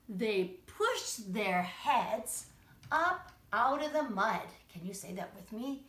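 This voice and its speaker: A woman's voice: medium pitch, big pitch swings, takes it slowly, heavy background noise. A woman teaching children's music and movement in a cheerful, encouraging, sing-song way, indoors. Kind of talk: live-streamed lesson with chants. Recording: roomy echo.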